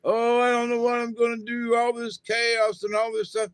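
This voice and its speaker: A man's voice: very high voice, completely flat delivery, normal speed, a bit bright, clear, resonant tone, no room sound, pitched above the performer's own voice. A man voicing a whiny, anxious working man who frets and complains about the chaos around him. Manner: whining, flustered complaining.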